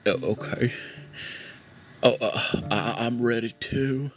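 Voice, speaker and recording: A man's voice: mid-range voice, slow, faint music behind. A man doing nervous comedic banter, stammering and repeating words as he talks to a chatbot. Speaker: prank caller chatting with a chatbot.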